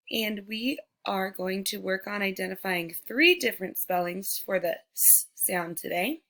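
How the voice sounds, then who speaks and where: A woman teacher giving a recorded phonics lesson to young children, sounding out words slowly and speaking to them directly. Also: mid-range voice, a bit bright. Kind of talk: slow, deliberate remote phonics lesson.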